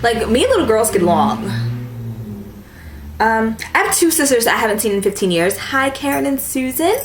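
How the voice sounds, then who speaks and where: A woman's voice: fairly high pitch, big pitch swings, normal speed, slight background noise. A young woman chatting casually to camera as a beauty vlogger, with a valley-girl lilt and lots of "like". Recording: echoey room with faint ambience.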